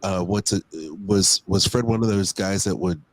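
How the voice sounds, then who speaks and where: Deep-voiced man hosting a casual interview. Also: steady tone, normal speed. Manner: easygoing, rambling questions. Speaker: host.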